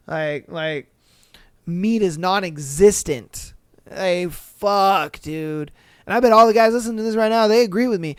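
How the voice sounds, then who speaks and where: A man hosting a podcast, reading stories aloud and reacting with profane, animated, exaggerated commentary. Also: sits high, slow pace, clear, resonant tone, no room sound, studio quality. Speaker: podcast host.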